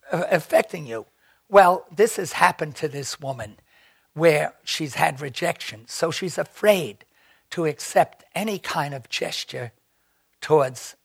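An older man tells stories in an interview with a gravelly, husky voice that sits fairly high for a man. He rambles into tangents and mimics the people he quotes. The sound is close and dry, with no room around it. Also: no echo. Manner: animated, acts out quoted voices; digressive, rambling. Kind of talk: storytelling anecdote.

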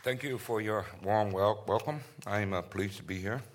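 Middle aged guy giving a talk, spins stories, lots of uh's, acts out little bits of talk, lowish voice. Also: normal speed, a little hiss or hum. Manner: anecdotal, acts out other people's dialogue, frequent "uh" fillers. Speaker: guest speaker. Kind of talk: storytelling speech to an audience.

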